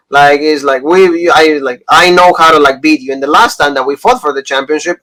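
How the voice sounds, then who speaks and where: A man's voice: a little high, fairly even intonation, brisk, hardly any pauses, fairly bright tone, poor audio. A man co-hosting a wrestling review podcast, talking in an enthusiastic, rambling casual chat. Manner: enthusiastic, rambling fan talk.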